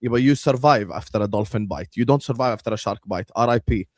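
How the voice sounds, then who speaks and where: A young man hosting a stream, arguing about football in a heated, animated way, swearing and dropping Arabic phrases. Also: mid-range voice, quick pace, dry recording, clean studio sound. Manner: argumentative, animated, swears, says "wallah" and "inshallah". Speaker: host.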